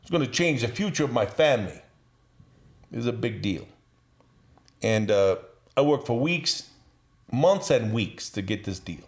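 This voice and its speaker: A man as a podcast guest, telling a story in an animated, profane way and laughing as he goes. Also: mid-range voice, measured pace, long pauses. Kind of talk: casual storytelling.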